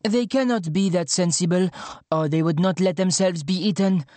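A man's voice: high-pitched, a little mellow, no echo, voice pushed up, natural voice. A man voicing a middle-aged mother in an audiobook, lilting and dismissive as she nags her son. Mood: scolding. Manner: brisk, dismissive, motherly nagging. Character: fussy French mother, middle-aged, scolding. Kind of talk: audiobook character voice.

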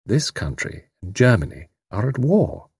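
A man reading aloud, voicing a kindly, worried middle-aged mother who speaks gently and hesitantly. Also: on the low side, big pitch swings, a little slow, gravelly, breathy edge, dry recording, clean studio sound, full character voice. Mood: earnest.

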